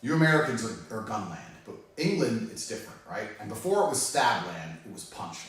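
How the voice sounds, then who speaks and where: A man spins a rowdy anecdote with a lively, swooping voice, laughing as he goes. He sounds set back from the mic in an echoey room, with faint ambience behind. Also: lowish voice, brisk, far from the mic. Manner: animated, laughing, swearing freely. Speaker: storyteller on a podcast. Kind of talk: casual storytelling.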